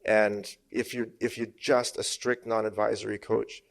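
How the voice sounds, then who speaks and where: A middle-aged man from Canada speaks in a fairly low voice, firm and emphatic. He talks as a business coach in a studio interview, pressing his points and pausing to ask whether they land. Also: little pitch movement, vocal fry. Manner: emphatic, uses sparring metaphors, asks "make sense?". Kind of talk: conversational podcast interview. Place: podcast studio.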